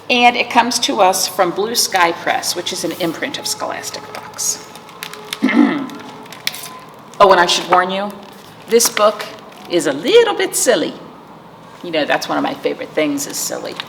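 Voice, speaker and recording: A woman's voice: fairly low pitch, gravelly. A woman children's librarian reading a picture book aloud, playful and asking children questions. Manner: warm, playful, asks kids questions. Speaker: children's librarian, storytime host. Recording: reverberant room, faint noise.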